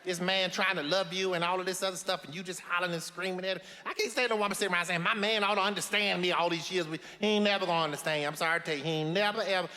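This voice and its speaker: Brassy elderly grandma played by a man, high and bright, sassy folksy drawl, echoey hall. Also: fairly even intonation, very fast, few pauses. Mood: sassy lecturing. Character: brassy elderly Southern grandmother, blunt and preachy. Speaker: advice-giving matriarch. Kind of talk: film comedy-drama acting.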